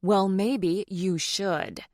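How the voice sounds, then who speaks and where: A woman narrator voicing a fiery, sharp-tongued young bride. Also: mid-range voice, fairly even intonation, drawn-out words, no echo, clean studio sound. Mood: defiant cutting. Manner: cutting, defiant.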